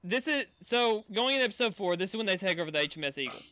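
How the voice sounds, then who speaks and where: A man in casual group chat about an anime, excitable and jokey, swearing freely. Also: sits high, very fast, smooth.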